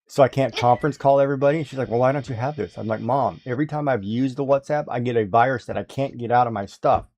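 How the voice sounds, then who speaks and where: Chatty man telling animated stories. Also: mid-range voice, quick pace. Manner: animated storyteller, laughs often, mimics his mother. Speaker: guest on a craft livestream. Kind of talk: casual chat.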